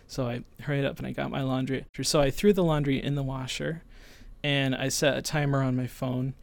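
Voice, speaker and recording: A man in his twenties casually telling a personal story, animated and acting out the people in it. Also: mid-range voice, a little fast, gravelly, no echo, clean studio sound. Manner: animated, voices others in retelling. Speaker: storyteller guest.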